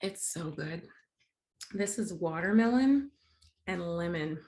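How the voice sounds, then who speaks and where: A woman's voice: fairly low pitch, animated, takes it slowly, a little mellow. A woman hosting her own diet challenge vlog, talking casually to camera in a chatty, bubbly way, laughing often and restarting her sentences. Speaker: vlogger, host of a diet challenge series.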